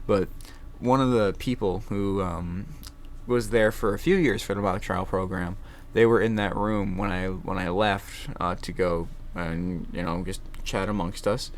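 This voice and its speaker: Slight background noise sits behind this low-voiced young man as he talks casually from his room. The vlogger wanders through his thoughts, cursing and starting over again and again.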